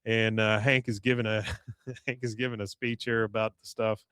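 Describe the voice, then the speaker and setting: A man's voice: lowish voice, little pitch movement, normal speed, a bit bright, clean tone, dry recording. A man co-hosting a podcast, casually retelling a cartoon episode and quoting its characters with frequent laughs. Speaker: podcast co-host.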